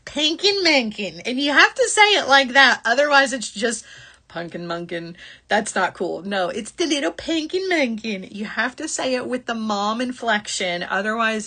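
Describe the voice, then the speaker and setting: Chatty middle-aged woman, crafts shopping-stream host, bright and slightly high voice, laughs a lot. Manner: chatty, apologetic, laughs often. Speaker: jewelry-making show host. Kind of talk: live shopping stream chat.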